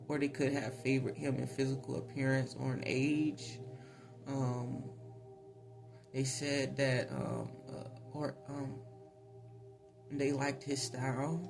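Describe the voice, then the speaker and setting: A man giving a casual spiritual tarot reading, chatty, laughing often and filling pauses with ums. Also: medium pitch. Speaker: tarot reader. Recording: voice over clear background music.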